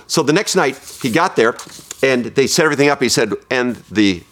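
Animated man preaching a story. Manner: animated, drops low and slow for emphasis. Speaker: pastor. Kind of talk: sermon storytelling.

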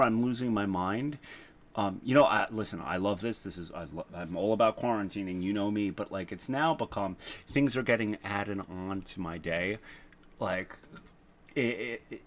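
A man's voice: lowish voice, moderate pace. Rambling self-mocking male podcast host. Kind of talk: casual chat.

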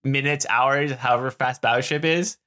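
A man's voice: medium pitch, fairly even intonation, normal speed, sharp tone. A man co-hosting a podcast, chatting casually with many fillers and easy laughter. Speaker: podcast co-host. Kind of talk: casual chat.

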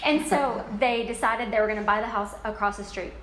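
A woman's voice: mid-range voice, little pitch movement, quick pace. A woman retelling a book's story in a casual, gushing, enthusiastic way. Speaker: book recap speaker. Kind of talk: casual book recap. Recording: roomy echo, faint ambient noise.

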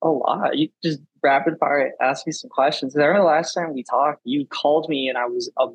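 Raspy laid-back young man. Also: on the high side, fairly even intonation, fairly quick, no room sound, poor audio. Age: 20s. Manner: laid-back, slangy storytelling. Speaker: podcast co-host. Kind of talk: casual chat.

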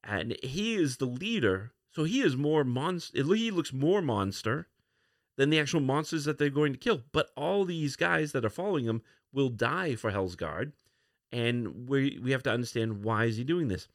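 A man's voice: medium pitch, big pitch swings, moderate pace, no echo, clean studio sound. A man hosting a comic book review podcast, retelling a story in a conversational, rambling way. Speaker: podcast host.

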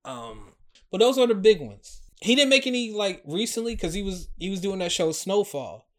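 Laughing, lively man in casual chat. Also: high-pitched, normal speed. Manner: animated, laughs often, loose slangy talk.

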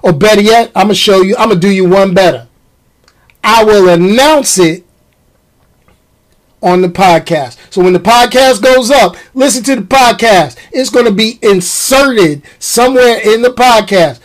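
A man's voice: sits high, unhurried, low-quality recording. A man hosting his own podcast, ranting casually to his listeners and tossing in slang. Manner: animated, talks to the audience with slang. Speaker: podcast host.

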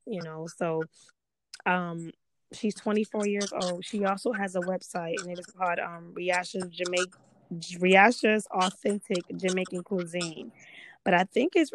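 A woman's voice: medium pitch, a little hiss or hum. A woman hosting a casual podcast, chatty and repeating herself for emphasis as she talks straight to her listeners. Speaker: podcast host.

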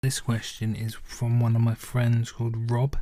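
A man's voice: medium pitch, completely flat delivery, measured pace, dark tone, dry recording. A young man, a tired podcast host rambling casually and swearing as he answers listener questions. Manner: rambling, sweary, laid-back. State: yawning, tired. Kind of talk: casual solo podcast chat.

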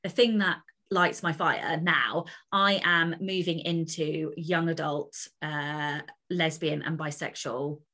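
A woman's voice: low voice, fairly even intonation, slow, few pauses, sharp tone. A woman author chatting as an interview guest, enthusiastic and talkative, with plenty of fillers. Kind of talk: casual interview conversation.

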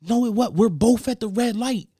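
A young man co-hosting a podcast, telling stories in a loud, animated, cursing way. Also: very high-pitched, moderate pace, husky, faint music behind. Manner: animated storytelling, swears a lot, gets loud when riled. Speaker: podcast co-host. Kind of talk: casual chat.

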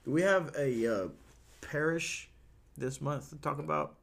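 A man's voice: measured pace, vocal fry, fairly bright tone. A man in his thirties co-hosting a podcast, chatting casually and swearing a lot. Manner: swears a lot, bursts into falsetto song. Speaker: podcast co-host. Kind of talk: casual chat.

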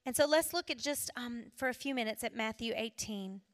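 A middle-aged woman from South Carolina, giving an emotional testimony sermon to women, dropping to a hush and then rising again. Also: on the high side, brisk. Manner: emotional, swings from hushed to raised and cracking. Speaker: women's ministry speaker.

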